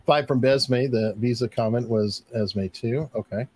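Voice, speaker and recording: A man's voice: medium pitch, measured pace, darkish tone, slight background noise. Hesitant man hosting a livestream. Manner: hesitant, many fillers and restarts. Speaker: livestream host reading super chats. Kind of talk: casual livestream chat.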